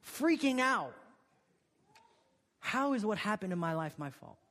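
Animated man preaching in an echoing hall. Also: sits high, fairly quick. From Korea. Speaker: pastor. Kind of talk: sermon.

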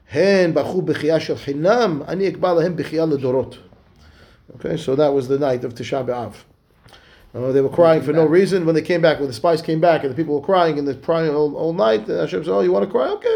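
A man, a rabbi, teaching a Talmud class, reading the text slowly and then explaining it in lively, halting English. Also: fairly high pitch, creaky.

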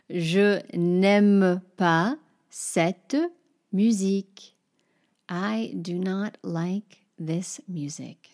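A woman teaching French, enthusiastic and encouraging, spelling out words letter by letter as she explains. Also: low-pitched. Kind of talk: language lesson.

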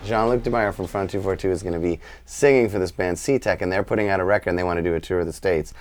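A man telling a road story as a podcast guest, lively and quoting people in animated voices. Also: low-pitched, fast, a little hiss or hum. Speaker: guest musician. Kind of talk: storytelling anecdote.

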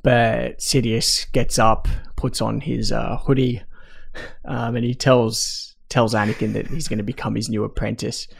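A man in a casual podcast chat, retelling a film plot in steady detail. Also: mid-range voice, unhurried, vocal fry, slightly rough. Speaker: podcast co-host.

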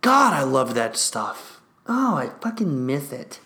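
A man's voice: mid-range voice, slow pace. A young man ranting casually about games and a delivery mix-up, swearing constantly and getting worked up as he rambles. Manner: profane, excitable, restless storytelling.

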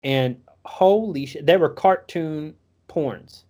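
A man's voice: fairly high pitch, slow pace, warm tone. Profane rambling storyteller man. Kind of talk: casual storytelling.

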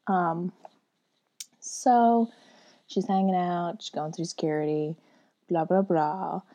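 A woman's voice: on the low side, fairly even intonation, slow pace, warm tone, highs cut off. A young woman casually talking about a short story she read, rambling with lots of fillers and dipping into whispers now and then. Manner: rambling, chatty, many fillers. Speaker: book reviewer. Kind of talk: casual book chat.

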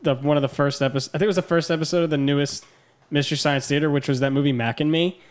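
A young man co-hosting a casual podcast chat, excitable and laughing as he tells stories. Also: fairly high pitch, quick pace. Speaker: podcast co-host.

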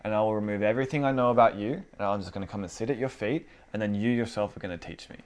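Brief: man voicing a pleading mother at prayer, low and plain. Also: racing, close to an everyday voice. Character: pleading, desperate middle-aged mother praying.

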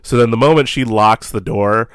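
Podcast guy rambling thru a movie recap, smooth clear voice, dead dry sound, keeps laughing. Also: mid-range voice, moderate pace, no room sound. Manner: rambling recaps, acts out quoted lines, laughs often. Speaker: podcast co-host. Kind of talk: casual chat about horror films.

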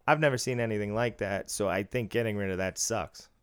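A man's voice: on the low side, fairly quick, smooth. Blunt, swearing podcast co-host man. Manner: profane, blunt, laughs often. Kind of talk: casual chat. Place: studio room.

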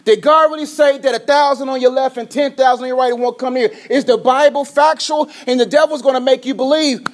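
Pastor guy preaching, kinda high voice, gets loud then goes quiet, trips over words sometimes. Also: brisk, few pauses, slight background noise. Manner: energetic preaching, swings between loud and hushed. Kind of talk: sermon.

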